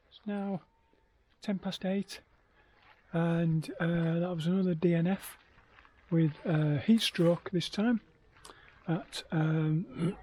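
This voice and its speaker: High-voiced tired man rambling. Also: mellow. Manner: rambling, hesitant, many ums and restarts. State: worn out after heatstroke. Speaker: ultra runner vlogging his race. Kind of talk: casual self-filmed vlog.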